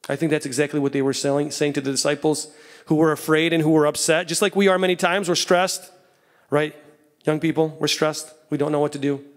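Storytelling male preacher, slightly high voice. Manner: storytelling preacher, swings between soft low asides and raised excited lines. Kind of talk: sermon. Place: church sanctuary.

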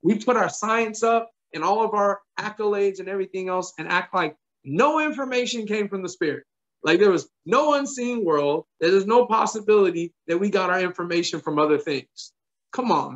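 A man preaches in a storytelling sermon. His voice sits a little high for a man, and he quotes each person in turn, repeating his points for emphasis. The recording sounds somewhat dull and muffled. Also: normal speed. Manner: animated, quotes people in dialogue, emphatic repetition.

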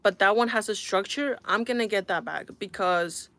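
A young woman hosting a casual live stream, talking to her viewers in an exasperated, animated way. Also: mid-range voice, normal speed, dry recording.

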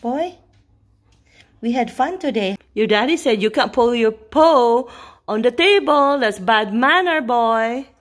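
A woman's voice: fairly high pitch, animated, a little slow. A woman vlogging at home at night, chatting casually and cooing baby talk to her dogs. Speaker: vlogger filming her pets. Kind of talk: casual chat.

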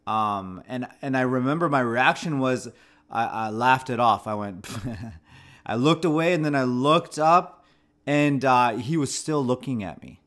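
A man's voice: medium pitch, lively intonation, a little slow, fairly bright tone. A man in his thirties, a channel host, reflectively telling a personal story to camera in a conversational way, often restarting his phrases. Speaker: host of a channel about anxiety.

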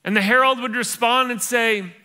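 A pastor with a high, bright and ringing voice preaches a church sermon. His delivery is conversational and playful. He keeps slipping into the voices of his listeners to act out what they are thinking. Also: fairly even intonation, normal speed, clear, resonant tone. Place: church service.

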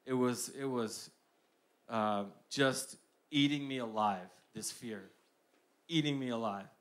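A young man preaching a sermon, shifting between hushed personal storytelling and loud, emphatic declarations with lots of repetition. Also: mid-range voice, slow pace.

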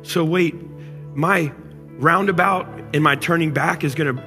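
A man preaching a sermon as pastor, animated and acting out angry complaints before dropping to soft, intimate tones. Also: fairly high pitch, unhurried. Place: church auditorium. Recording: church hall reverb with music.

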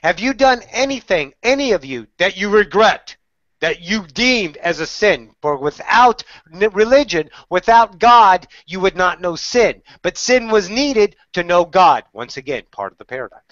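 A woman with a mid-range, highly animated voice channels spiritual teachings during a webinar, speaking at a measured pace. She sounds preachy, poses rhetorical questions, and calls the listener "darling." The dry recording comes through webinar call audio that is slightly dull.

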